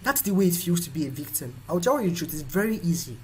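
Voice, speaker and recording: A young Nigerian man hosting a motivational live talk, animated and quick to act out the voices of people in his stories. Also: fairly high pitch, a little hiss or hum, low-quality recording. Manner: animated, acts out quoted voices. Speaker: host.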